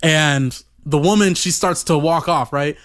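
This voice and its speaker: High-voiced man telling a rambling, profane story. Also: a little slow, fairly bright tone, faint music behind. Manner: rambling and profane, full of "you know" fillers. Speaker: podcast storyteller.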